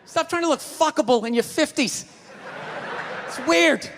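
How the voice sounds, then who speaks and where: A man doing a stand-up routine, ranting loudly and swearing a lot. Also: very high-pitched, a little slow. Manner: ranting, profane, loud and emphatic. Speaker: stand-up comedian. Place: comedy stage before a live audience. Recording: live stage recording, long reverb, audience noise.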